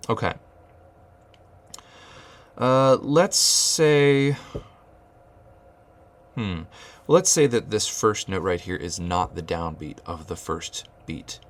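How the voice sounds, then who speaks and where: A man's voice: lowish voice, slow pace, pauses often. A man teaching rhythm at a whiteboard, thinking aloud with fillers and restarts and chanting rhythm syllables. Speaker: music teacher.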